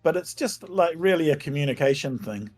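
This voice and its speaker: A man's voice: a little high, expressive, a little fast, darkish tone, soft background music. A man, a game developer, answering interview questions in a thoughtful, easygoing way that is often hesitant.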